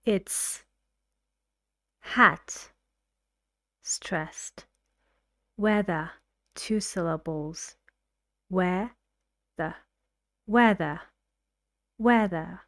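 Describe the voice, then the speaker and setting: A woman's voice: fairly low pitch, drawn-out words, pauses often, sharp tone, dry recording, clean studio sound. A woman teaching English pronunciation, patiently giving instructions and drilling syllables aloud. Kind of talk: slow, careful classroom instruction.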